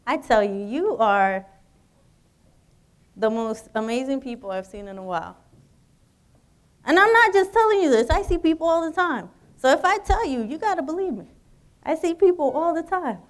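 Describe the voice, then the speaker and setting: A woman's voice: sits high, lively intonation, normal speed, long pauses. A woman giving an encouraging motivational speech to students, speaking straight to the audience in a university hall. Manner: encouraging, addresses audience directly. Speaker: guest speaker. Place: university auditorium.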